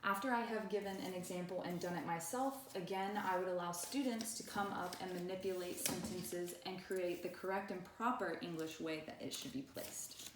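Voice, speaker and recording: A woman teacher walking through a grammar lesson, reading example sentences slowly and deliberately. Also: fairly low pitch, steady tone, background noise. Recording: echoey room, voice far from the mic.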